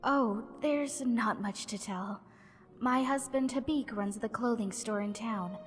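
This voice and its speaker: A woman's voice: fairly high pitch, unhurried, close to an everyday voice. An actress voicing a flustered, self-deprecating townswoman in a video game who rambles and trips over her words. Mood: rambling. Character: anxious married townswoman, floor sweeper, bitter and self-deprecating. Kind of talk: video game character dialogue. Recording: game audio with long reverb and faint music.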